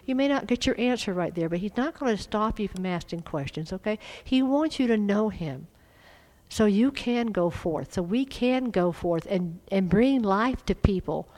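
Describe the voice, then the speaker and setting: A middle-aged woman preaching a sermon, fervent and emphatic, swelling into loud exhortation. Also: mid-range voice, animated, moderate pace, rough recording.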